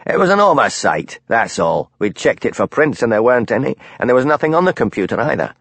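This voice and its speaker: A man's voice: mid-range voice, very animated, quick pace, a bit bright, husky, no echo, full character voice. A man voicing a huge, surly forensic officer who answers truculently and impatiently.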